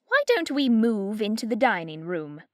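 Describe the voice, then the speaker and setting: Give me a bright, brisk witch hostess, as a woman narrator voices her. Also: mid-range voice, very animated, no echo, studio quality, natural voice.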